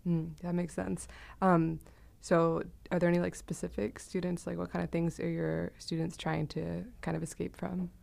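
A woman interviewer asking relaxed, conversational questions with casual fillers. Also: fairly low pitch, moderate pace, creaky.

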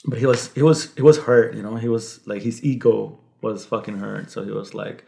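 A man's voice: fairly low pitch, steady tone, normal speed, creaky, few pauses, a little mellow. A man, an English speaker, telling a story in an interview, rambling with restarts and swearing. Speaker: guest, local fixer.

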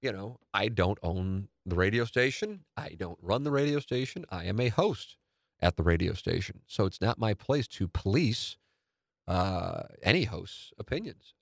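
A man talks through his podcast in a rambling, candid way, restarting sentences and swearing offhandedly. His voice sits on the low side. The sound is close and dry. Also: a bit bright, dry recording. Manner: rambling, candid, self-interrupting, swears casually. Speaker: podcast host and radio host. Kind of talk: casual solo podcast monologue.

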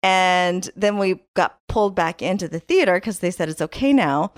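Animated woman telling a story. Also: fairly low pitch, moderate pace. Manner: animated, acts out quotes. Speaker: podcast co-host. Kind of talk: casual storytelling chat.

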